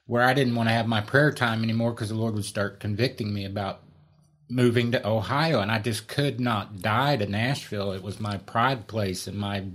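A man in middle age recounts a personal story as a guest, his voice sitting somewhat low. He talks in an animated, self-mocking way. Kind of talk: conversational storytelling.

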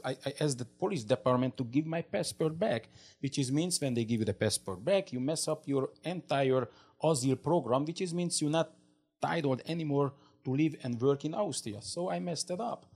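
A man's voice: medium pitch, fairly quick, a little mellow, slightly rough. A man who learned English as a second language, telling a fervent faith testimony as an interview guest, in broken English full of restarts and repeated words. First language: not English.

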